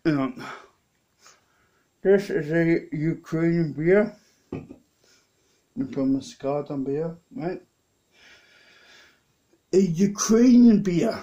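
A tipsy man with a Welsh accent talks to the camera in a casual tasting vlog. His voice sits a little high, and he speaks slowly. He rambles, trips over his words and starts his sentences again. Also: mellow. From Wales. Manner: rambling, halting, with many restarts. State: a bit drunk. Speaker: lay preacher vlogger.

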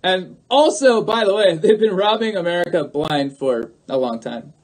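A man's voice: high voice, animated, normal speed. A man talking straight to his viewers on a livestream, emphatic and repetitive, calling out to them again and again. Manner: emphatic, repeats himself, keeps calling out to viewers. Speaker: livestream host. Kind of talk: livestream monologue.

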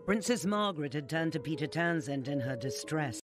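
A man narrating a documentary in a measured, formal way. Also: on the high side, animated. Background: music.

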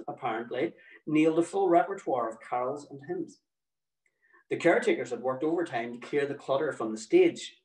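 A man's voice: on the high side, darkish tone, echoey room, recorded from a distance, low-quality recording. A middle-aged man, telling a personal story to an audience with dry, wry, mock-exasperated humour.

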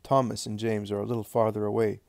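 Man reading a religious story aloud, slow and solemn, dry sound. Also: fairly low pitch, little pitch movement, vocal fry, a little mellow, dry recording. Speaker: narrator. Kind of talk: audiobook scripture reading.

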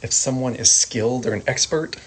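A man teaching sign language vocabulary, calmly repeating each word and adding gentle asides. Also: medium pitch, a little fast, a little hiss or hum, low-quality recording. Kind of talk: slow vocabulary lesson.

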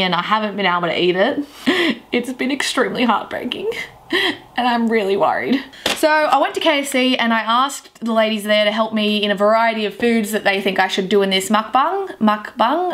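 A young Australian woman chatting playfully with crude jokes and giggles, talking to camera while she eats. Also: a little high. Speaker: vlogger. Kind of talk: casual eating-show vlog. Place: parked car.

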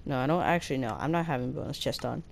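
A woman hosting a gaming channel, chatting casually as she plays, breaking into excited squeals and slowly sounding out foreign words. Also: rumbling low, gravelly, a little hiss or hum. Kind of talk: casual gameplay commentary.

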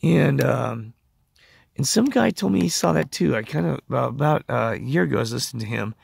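A man with a hoarse voice, rambling in a casual monologue and acting out the conversations he reports. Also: mid-range voice, expressive, a little fast, no room sound, clean studio sound. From United States. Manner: rambling, acts out quoted conversations. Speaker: vlogger.

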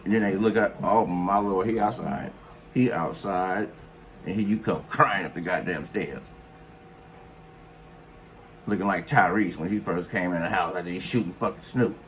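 A man's voice: low voice, steady tone, normal speed, a bit bright, a little hiss or hum. Man ranting with scolding slang. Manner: scolding, mocking, heavy slang and cursing. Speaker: commentary vlogger. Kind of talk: profane reaction rant.

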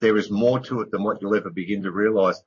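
Man, middle-aged, emphatic, somewhat low voice, dull lo-fi radio recording. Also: steady tone, quick pace, slight background noise. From Australia. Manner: earnest, emphatic, repeats words for stress. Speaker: author and researcher, interview guest. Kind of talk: radio interview.

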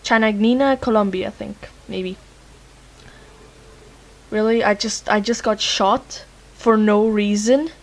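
A woman's voice: medium pitch, fairly even intonation, slow, long pauses. A young woman with a Lithuanian accent, a native Lithuanian speaker doing let's-play commentary, laughing, swearing and joking at the screen. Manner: loud, giggly, cursing, joking at the screen. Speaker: gamer.

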